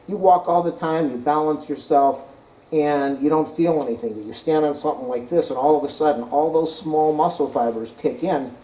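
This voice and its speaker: A man giving a casual, joking product review at home, thinking out loud as he goes. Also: medium pitch. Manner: rambling, joking, thinks aloud. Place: home, corner by the front door. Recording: roomy, distant camera audio.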